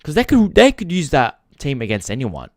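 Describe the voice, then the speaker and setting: His voice sits a little high and darkish, swinging hugely in pitch at a moderate pace as he hosts a casual football live stream. The frustrated host swears freely and talks right to his viewers. The recording is studio quality with no room sound.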